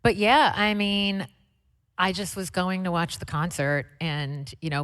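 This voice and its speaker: A woman guest telling stories in a chatty, excitable way with lots of fillers, speaking onstage at a live conversation event. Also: fairly low pitch. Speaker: interview guest, singer. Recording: long hall reverb.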